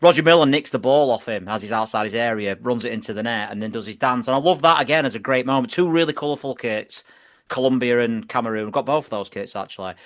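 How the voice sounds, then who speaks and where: A man's voice: medium pitch, fast. A British man co-hosting a podcast, telling football stories in an enthusiastic, rambling way. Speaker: podcast co-host. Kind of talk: casual chat.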